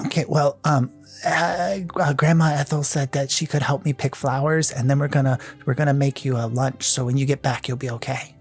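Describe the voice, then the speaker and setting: Worried little girl with a high, stammering voice, as a man puts her on at a tabletop game. She trips over her words and keeps restarting. Faint music plays underneath. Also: fairly even intonation, lightly acted. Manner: higher pitched, halting and stammering.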